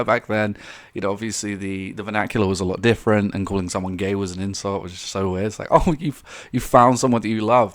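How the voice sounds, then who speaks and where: A young man giving casual, rambling commentary on a vlog, laughing often and restarting his sentences. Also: lowish voice. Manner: rambling, animated, laughs often, mocking quoted voices; many fillers and restarts. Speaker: commentary YouTuber.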